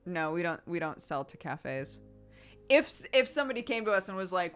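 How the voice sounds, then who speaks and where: A woman in her thirties, a streamer casually answering chat questions in a relaxed, chatty way and laughing often. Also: lowish voice, normal speed, clear, resonant tone, faint music behind.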